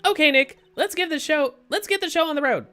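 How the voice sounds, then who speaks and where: A woman's voice: high-pitched, a little fast, sharp tone, faint music behind, pitched above the performer's own voice. A woman voicing a perky young female sidekick in a raised, eager way.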